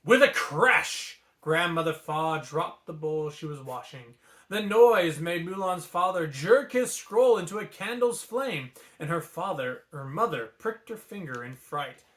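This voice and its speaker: Animated man reading a bedtime story. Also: on the high side, unhurried. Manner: playful and animated, with asides. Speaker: storybook reader. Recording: echoey room.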